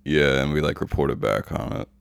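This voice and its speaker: A man hosting a podcast in casual chat, low-key and dryly teasing his guest. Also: moderate pace, vocal fry, smooth, dry recording. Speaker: podcast host. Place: Philadelphia.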